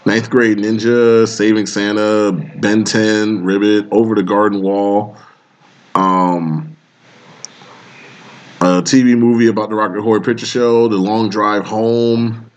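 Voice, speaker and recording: A man's voice: on the low side, little pitch movement, measured pace. A man co-hosting a podcast in casual chat, laughing often and looking things up as he talks. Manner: laughs often, looks things up mid-talk. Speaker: podcast co-host.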